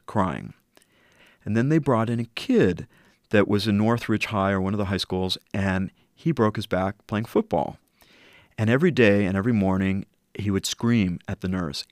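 A middle-aged man telling a personal story in an earnest, reflective way, slowing down at key moments. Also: fairly low pitch, no echo, clean studio sound. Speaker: interview guest.

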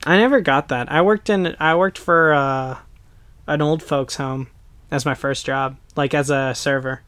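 A young American man chatting casually on a podcast, animated and quick to slip into playful voices. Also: fairly high pitch, clean tone, no room sound. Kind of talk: casual chat.

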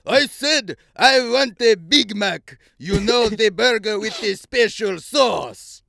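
A man putting on a voice for a frustrated Russian man ordering a burger, loud and drawn-out. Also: sits high, no room sound, clean studio sound, pitched above the performer's own voice, exaggerated voice. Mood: frustrated shouting.

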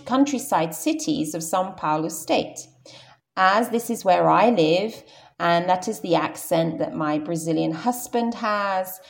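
With vocal fry in a voice on the low side, a young adult woman delivers a careful, explanatory English lesson. It's a scripted podcast, and she has a modern received pronunciation British accent.

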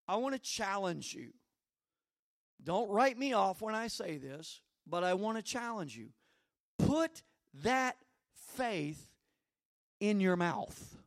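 A male pastor preaching a sermon, telling stories and building to shouted climaxes. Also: high-pitched.

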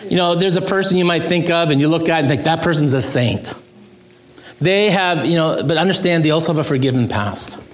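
A man's voice: a little high, fairly quick. A male pastor preaching a sermon in an earnest, pleading manner, his voice rising when he stresses a point.

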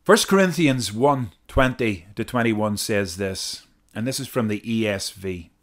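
A man's voice: fairly low pitch, unhurried. A man hosting a Christian podcast, earnestly explaining clips and reading scripture, repeating key phrases for emphasis. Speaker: podcast host. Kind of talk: podcast commentary.

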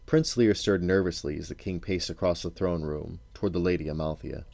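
A father reads a novel aloud to his sons, his voice deep and low. The sound is dry and close, and the storytelling is measured and unhurried. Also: steady tone, gravelly, darkish tone, dry recording. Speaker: parent reading to his children.

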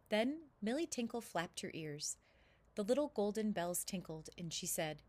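A woman reading a children's storybook aloud with steady, clear narration. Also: medium pitch, unhurried.

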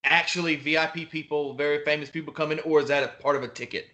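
A man hosting a podcast, chatting casually and cutting in with quick questions. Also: a little high, steady tone, pushed and bright. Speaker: podcast host. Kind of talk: casual chat.

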